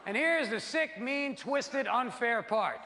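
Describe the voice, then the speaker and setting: A man doing an animated stand-up comedy routine on a theater stage, jumping into put-on voices. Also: slow. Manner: brash, animated storytelling with sudden put-on voices. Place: large theater stage before a live audience. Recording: live hall recording with booming crowd. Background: loud audience laughter.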